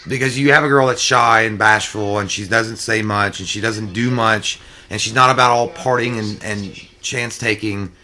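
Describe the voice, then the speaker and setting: A man with a bright, forceful voice riffs through a casual movie commentary. He jokes, swears and slips into goofy voices for the people on screen. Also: lowish voice, steady tone, normal speed. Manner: joking, profane, breaks into silly voices.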